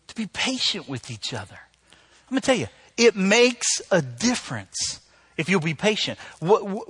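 A middle-aged man preaching a sermon as pastor, telling stories with sudden loud bursts that drop back to soft, earnest lines. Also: high voice, slightly rough. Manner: storytelling with sudden loud outbursts, then soft.

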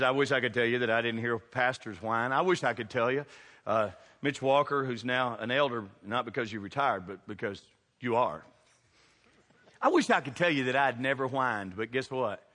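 A man preaches in a church, his high voice swooping up and down as he calls out to the congregation. His tone is bright and sharp. The room adds a long, trailing reverb. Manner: preaching with wide swings of pitch and loudness, calling out to the congregation. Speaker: pastor. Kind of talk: sermon. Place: church sanctuary.

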